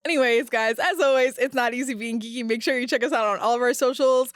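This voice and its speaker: A woman's voice: fairly high pitch, quick pace, no echo, studio quality. A woman hosting a casual podcast, talking in a heated, profane, rambling way with lots of fillers. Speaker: podcast host. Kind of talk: casual ranting podcast talk.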